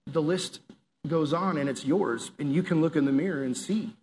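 A man's voice: on the high side, moderate pace, a little mellow, slight background noise. A young man giving a conversational, earnest youth sermon, acting out inner voices and prayers. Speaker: youth pastor.

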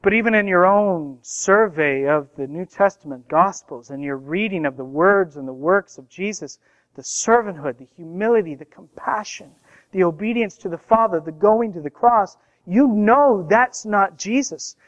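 A pastor delivers a sermon in a high, bright-sounding voice, talking it through casually and then pushing up for emphasis. The recording is muffled and lo-fi. He comes across as a plain, engaged preacher. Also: expressive, moderate pace. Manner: conversational preaching, rising loud for emphasis.

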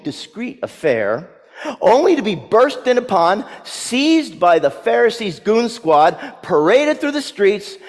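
A man's voice: high-pitched, big-room sound. A man preaching a sermon, telling the story vividly and dramatically with touches of humor.

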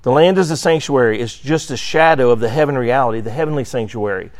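A man's voice: medium pitch, fast talker. A man teaching an adult Sunday school class, reading scripture aloud with emphasis and checking in with "right?". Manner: reads scripture aloud with emphasis, frequent "right?" tag questions; occasionally clears throat. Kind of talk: Bible class lecture.

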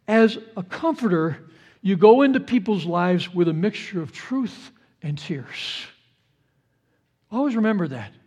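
Earnest high-voiced man preaching. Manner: earnest, repeats key phrases for emphasis; swings from hushed to rising with feeling. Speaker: pastor. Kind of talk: sermon.

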